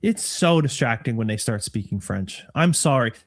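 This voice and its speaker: A man co-hosting a casual pilot chat show, rambling excitedly through complaints with lots of restarts. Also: mid-range voice, moderate pace. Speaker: co-host, airline pilot.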